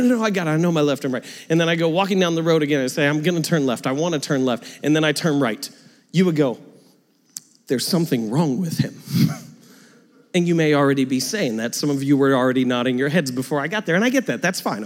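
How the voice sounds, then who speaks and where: Guy preaching, kinda high voice, chatty and self-mocking, lots of hall echo. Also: expressive, fast. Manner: conversational, self-deprecating, acts out dialogue. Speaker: pastor. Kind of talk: sermon.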